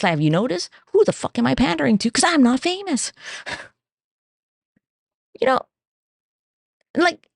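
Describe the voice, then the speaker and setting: Gravelly, swearing woman ranting on a podcast. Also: mid-range voice, no echo, studio quality. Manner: swears a lot, rambling, animated. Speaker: podcast host. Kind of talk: casual solo rant.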